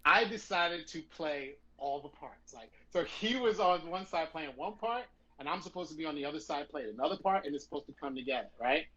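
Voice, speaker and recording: A middle-aged man from New York tells an animated, profane story as a guest, acting out each scene he describes. His voice is a little husky and sits somewhat high. The audio is slightly muffled and lo-fi. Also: a little fast, few pauses.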